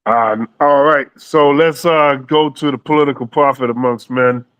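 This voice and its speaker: A mid-pitched man moderates a podcast panel. He hands over the floor haltingly, with plenty of fillers. The sound is dry, with no room echo. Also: fairly even intonation, fairly bright tone, smooth. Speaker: podcast host.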